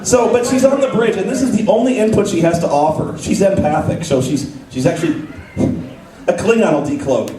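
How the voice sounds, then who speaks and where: A man doing live stand-up comedy on a convention stage, ranting with animated, profane energy. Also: high voice, a little fast, crowd noise. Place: convention stage, large hall. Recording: echoey hall recording, mic far off. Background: audience laughing.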